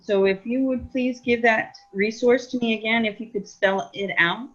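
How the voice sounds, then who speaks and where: A woman's voice: on the high side, fairly even intonation, normal speed, fairly bright tone. A woman attending a webinar, asking a question politely and carefully. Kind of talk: online Q&A. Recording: dull lo-fi call audio.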